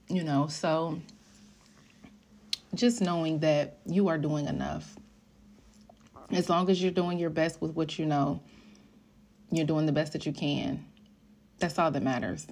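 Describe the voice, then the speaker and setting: Woman podcast host, 30s, frank casual talk, gravelly edge. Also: steady tone, unhurried, pauses often, darkish tone. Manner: candid, conversational, swears freely, quotes her kids in higher voice.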